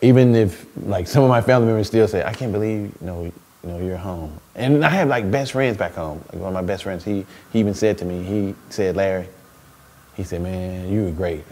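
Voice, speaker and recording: Man in his thirties, low register; casual interview guest, laughs through his stories, repeats himself. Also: a little fast, slight background noise. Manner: animated storytelling, laughs often, repeats words. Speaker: interview guest, stay-at-home dad.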